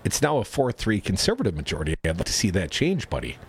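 A man's voice: low-pitched, fast talker, husky. A man from co-hosting a political talk radio show, reading news with sarcastic asides. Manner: sarcastic, animated, reads news items with quips.

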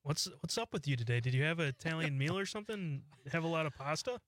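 A man's voice: on the high side, animated, fast talker, fairly bright tone, no echo, studio quality. A man co-hosting a radio show who teases the host and laughs often. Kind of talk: casual studio banter. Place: radio studio.

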